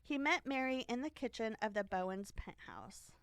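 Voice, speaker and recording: A podcast host, a woman, tells a story in a loose, rambling style with plenty of fillers and little giggles. Her voice sits fairly high. The close mic sounds dry, with no room echo. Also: expressive, normal speed, a bit bright, smooth. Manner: rambling, many fillers and acted quotes, giggly. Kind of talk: casual storytelling chat.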